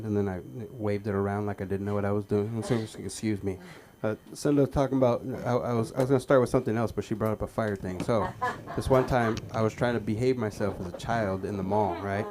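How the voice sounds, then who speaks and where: A man doing stand-up at an open mic, telling childhood stories with stammered starts and loud acted-out quotes. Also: fairly low pitch, background noise. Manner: stammering, acts out shouted quotes. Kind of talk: stand-up storytelling. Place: comedy club stage.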